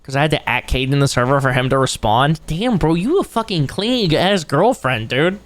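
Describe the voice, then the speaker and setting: Animated, profane young male streamer. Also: fairly high pitch, fairly quick. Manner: rambling, profane, jokey, jumps into mocking voices. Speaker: streamer reacting to a video. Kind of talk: casual live-stream chat.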